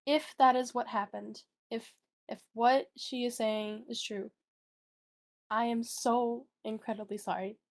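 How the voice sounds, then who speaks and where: A young woman with a high voice speaks in an emotional interview, tearful and upset. She stumbles, repeats her words and keeps apologizing as she talks it through. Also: fairly even intonation, unhurried. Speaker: interviewee, witness.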